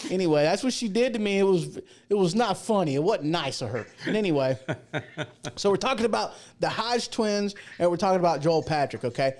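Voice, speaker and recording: A man hosts a casual livestream talk show in a slightly high voice. He talks in a chatty, folksy way and rambles off into asides and jokes. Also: animated, brisk, darkish tone. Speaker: show host.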